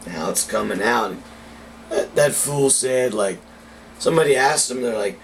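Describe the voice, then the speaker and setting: A man in a heated, foul-mouthed rant, talking in a casual vlog at a medium pitch. He sits a little back from the microphone, and a faint hum of noise runs underneath. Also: measured pace. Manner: profane, heated political rant. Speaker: cigar reviewer. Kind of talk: casual ranting vlog monologue. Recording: distant mic with faint background noise.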